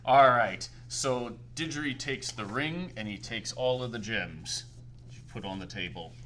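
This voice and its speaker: A man's voice: mid-range voice, unhurried, slight background noise. A man narrating a tabletop game as game master, laughing often and belting out other voices. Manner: animated, laughing, belts out voices.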